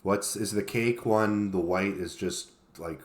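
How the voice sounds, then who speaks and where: Deep-voiced easygoing man. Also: a little slow. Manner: easygoing, laughs often. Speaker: co-host. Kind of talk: casual chat.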